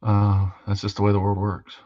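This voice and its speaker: A man hosts a live model-painting stream, chatting in a loose, rambling way with plenty of fillers. His voice is low and deep. The audio is dull and lo-fi. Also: completely flat delivery, moderate pace, dark tone. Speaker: host of a live hobby painting show. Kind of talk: casual livestream chat while painting models.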